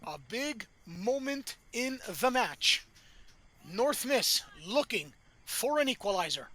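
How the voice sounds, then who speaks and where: A man calling a live match play-by-play, excitable and rising to shouts at big chances, with colorful catchphrases. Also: extremely high pitch, slow pace. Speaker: play-by-play commentator. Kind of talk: live sports commentary.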